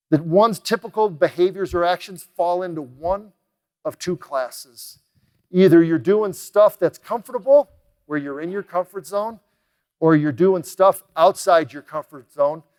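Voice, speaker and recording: A middle-aged man delivers a motivational talk in a fairly high voice. He tells his stories with real energy and brings the voices of the people in them to life. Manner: energetic, acts out quoted dialogue in a lively way. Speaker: motivational speaker. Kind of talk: motivational keynote talk with storytelling.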